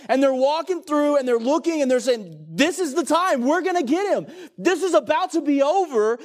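A man preaching a sermon, retelling a scripture story with animated, dramatic storytelling. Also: very high voice.

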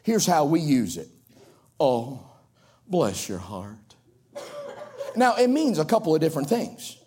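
A male preacher from coastal North Carolina with a Southern accent, delivering a sermon that swings from ringing highs to hushed drops. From Outer Banks of North Carolina.

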